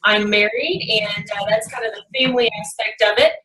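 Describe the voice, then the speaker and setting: A woman's voice: mid-range voice, fairly even intonation, moderate pace, pushed and bright, roomy sound, distant mic, slight background noise, rough recording. A woman in her thirties from Texas with a Texas twang, chatting as a guest in a casual interview with a folksy manner and plenty of fillers.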